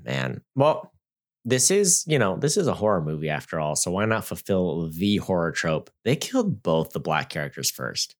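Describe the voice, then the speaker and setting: A man chatting through a movie review with a co-host, his voice low but swinging widely in pitch. He jokes constantly, laughs often, and drops into low, muttered asides. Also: wildly swooping pitch, normal speed. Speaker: podcast co-host. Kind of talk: casual movie review chat.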